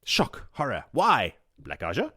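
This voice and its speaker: A man's voice: mid-range voice, huge pitch swings, measured pace, sharp tone, slightly rough, no echo, studio quality. A man hosting a podcast, recapping a book chapter by chapter in a casual, joking way with frequent laughs. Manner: joking, chatty, laughs often. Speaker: podcast host.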